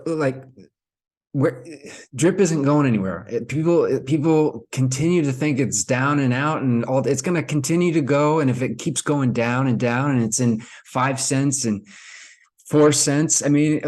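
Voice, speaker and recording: A man's voice: medium pitch, a little mellow. A man giving casual commentary to camera as a vlogger, rambling as he explains things. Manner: rambling, with many fillers and restarts. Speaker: crypto vlogger.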